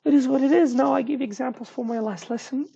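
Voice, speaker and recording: Giving an online language class in English, this woman speaks with a Sulaymaniyah Kurdish accent, her native tongue being Kurdish, and she frequently starts over and slowly repeats her examples. Her voice sits high and is creaky, mellow and a little rough. The audio quality is lo-fi.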